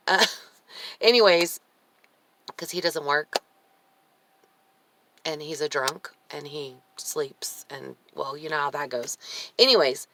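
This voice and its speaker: A woman's voice: mid-range voice, sharp tone, no room sound. Chatty woman with a dry throat. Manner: chatty, emotional, rambling with restarts. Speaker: vlogger. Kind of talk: casual personal vlog.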